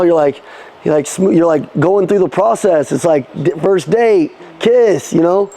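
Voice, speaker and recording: High-pitched and warm in tone, a man runs a live sales seminar as the trainer. His coaching relies on punchy call-and-response exchanges, delivered in a casual style with occasional swearing and fast restarts.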